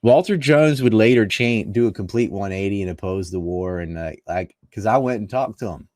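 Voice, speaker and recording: Interview guest: man from North Carolina, very low voice, argumentative and scoffing, dry close sound. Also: normal speed, darkish tone, no room sound. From North Carolina, USA. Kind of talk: casual political talk.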